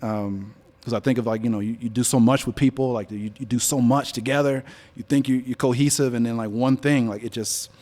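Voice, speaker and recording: A man in his forties, a business leader speaking before a live audience in an on-stage interview, telling stories in a relaxed, conversational way and getting animated when he quotes other people. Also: medium pitch, a little fast, few pauses. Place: event venue before an audience.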